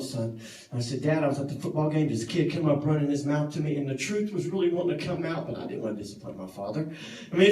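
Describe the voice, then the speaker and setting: A young man preaching to a youth group, telling a story in a lively, joking way and acting out the other voices. His voice sits high for a man. The sound is roomy and a little distant from the mic. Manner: animated, jokey, acts out quotes, banters with the crowd. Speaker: youth pastor. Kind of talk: storytelling sermon. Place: youth service room. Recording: echoey room, mic at a distance.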